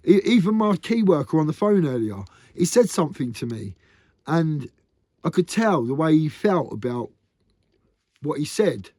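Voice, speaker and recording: A man speaks frankly to camera in a rambling confessional vlog, circling back on his points and dropping "mate" at the ends of lines. His voice sits a little higher than most men's, and the sound is close and dry with no room echo. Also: very animated, normal speed, warm tone. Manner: rambling and earnest, often ending lines with "mate". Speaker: vlogger.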